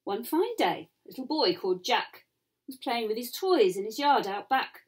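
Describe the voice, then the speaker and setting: A woman reading a rhyming picture book to children, with soft asides. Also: fairly high pitch, sing-song, normal speed.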